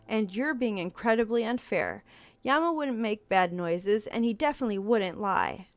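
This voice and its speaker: A bubbly, animated woman playing through a story game and voicing the lead sister role. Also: a little high, moderate pace, soft background music. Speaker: game streamer. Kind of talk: reading a visual novel aloud.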